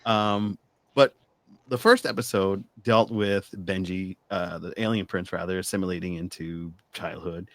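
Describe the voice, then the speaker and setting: A man's voice: deep voice, fairly even intonation, measured pace, fairly bright tone, no room sound. A man co-hosting a podcast, chatting casually and laughing easily. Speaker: podcast co-host. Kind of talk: casual chat.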